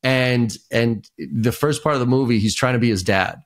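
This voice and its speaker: A man's voice: medium pitch, normal speed. A man, a sales trainer, talking as a guest in a casual podcast interview and telling stories with energy. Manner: animated storyteller, many fillers and restarts.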